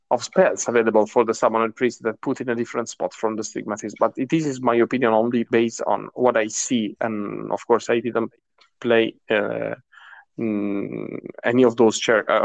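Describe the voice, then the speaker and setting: A man's voice: fairly low pitch, gravelly, dry recording, highs cut off. A man co-hosting a casual chat about a tabletop game, hesitant, with many fillers and restarts. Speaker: podcast co-host.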